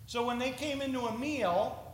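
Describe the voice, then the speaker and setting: A man's voice: extremely high pitch, moderate pace, a little hiss or hum. A man preaching a sermon in an earnest, explaining manner, with homely asides to the congregation. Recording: reverberant hall.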